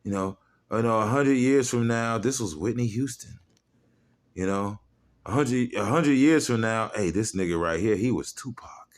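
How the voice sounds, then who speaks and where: A low-voiced man preaching in a fiery, mocking rant. He swings between loud, pushed outbursts and muttered asides, and he reads scripture in old-style wording. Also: normal speed. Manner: fiery, mocking, profane, drops into quiet asides. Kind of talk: heated religious video rant.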